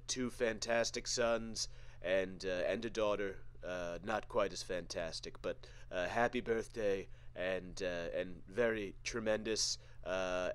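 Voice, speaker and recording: A man's voice: fairly low pitch, clean tone. A man doing a loose impression of a boastful older male politician, rambling with filler-heavy praise.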